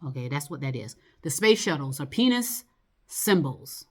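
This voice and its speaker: A woman with a notably low voice talks in a loose, rambling monologue. She drifts between thoughts, circles back on herself and swears freely. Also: sing-song, moderate pace, husky. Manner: rambling, loose and profane, lots of fillers and laughs.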